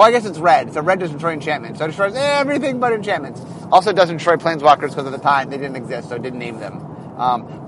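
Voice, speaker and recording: A man with a high voice talks through design decisions in a loose, rambling way. His pitch swoops up and down as he thinks aloud. Faint traffic hum sits behind him in a car. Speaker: game designer. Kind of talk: casual explanatory monologue.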